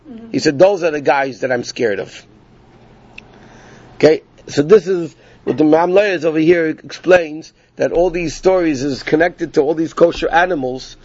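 A man's voice: fairly high pitch, moderate pace, a little mellow, no echo. A man teaching a class through casual, rambling stories, often breaking off mid-sentence. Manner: casual, rambling, self-interrupting. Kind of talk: informal storytelling lesson. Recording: dull lo-fi dry recording.

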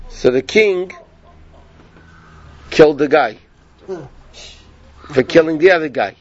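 A man's voice: on the high side, a little slow, pauses often, no room sound, highs cut off. A man teaching a Torah class, retelling a rabbinic story in a conversational way and checking in with his listeners. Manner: conversational, asks "yeah?" of listeners.

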